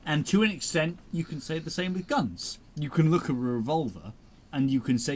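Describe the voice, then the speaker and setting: A man co-hosting a podcast in casual chat, rambling through animated stories with plenty of swearing. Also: a little high, moderate pace, slightly rough. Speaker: podcast co-host.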